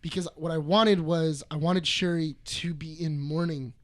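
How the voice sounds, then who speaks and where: Man, podcast co-host, casual chat, animated, rambling, slightly high voice. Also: normal speed. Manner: animated, rambling, filler-heavy.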